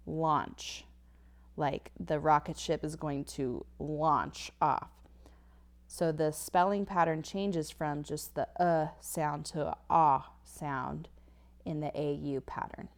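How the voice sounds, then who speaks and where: A woman's voice: low voice, a little mellow. A woman teaching a phonics lesson over slides, patiently sounding out each word. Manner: slow, patient, sounds words out. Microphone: tablet whiteboard recording.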